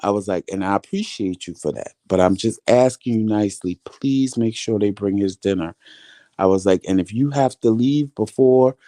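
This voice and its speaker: In a vlog, a man with a fairly low, warm voice casually tells viewers a lengthy story. He performs the conversations involved, retelling them through plenty of quoted lines, with no room sound in the recording.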